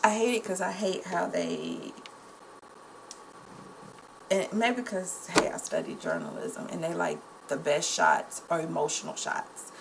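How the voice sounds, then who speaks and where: An indignant young woman talks directly to her viewers, calling them y'all. Her voice has a gravelly edge. A faint hiss sits under the recording. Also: fairly low pitch, sing-song, unhurried. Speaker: vlogger. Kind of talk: casual commentary to camera.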